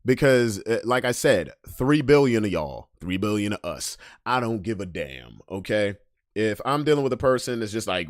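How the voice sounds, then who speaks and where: A man hosting a casual solo podcast and reacting to memes. He talks bluntly and profanely, swinging between loud emphasis and low asides. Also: animated, normal speed, no echo, clean studio sound. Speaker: podcast host.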